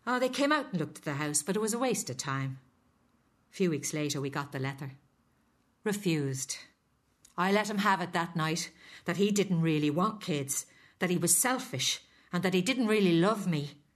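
A woman's voice: on the low side, animated, normal speed, close to an everyday voice. A middle-aged woman with an Irish accent narrating in first person as a resigned, weary foster mother. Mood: rueful.

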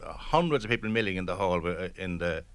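A man's voice: low-pitched, animated, fairly quick, fairly bright tone, no echo. A man sharing memories of a friend in a documentary interview, chatty, with hesitant restarts. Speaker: friend recalling the writer.

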